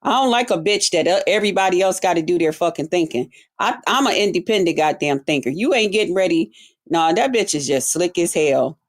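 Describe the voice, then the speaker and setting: A woman chatting casually on a livestream, reading viewer comments and answering them in an animated, sassy way, jumping between high exclamations and low muttered asides. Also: fairly quick.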